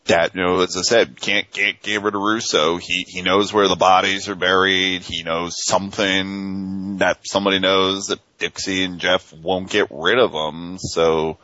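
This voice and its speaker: Low voiced guy hosting a wrestling podcast, rambles a lot, dry dull sound. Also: bright, forceful tone, no echo. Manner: rambling, filler-heavy questions. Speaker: podcast host. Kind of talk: casual wrestling talk show.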